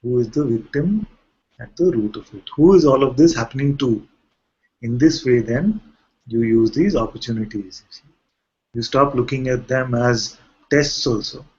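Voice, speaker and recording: A man's voice: medium pitch, normal speed, a little mellow, slightly rough. A man who is a spiritual teacher, giving a conversational talk to a gathering and often asking rhetorical questions. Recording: muffled lo-fi recording.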